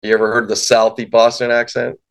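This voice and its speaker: A man co-hosting a podcast in casual chat, laid-back, who often laughs and chimes in with quick agreement. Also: medium pitch, monotone, creaky, a bit bright. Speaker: podcast co-host.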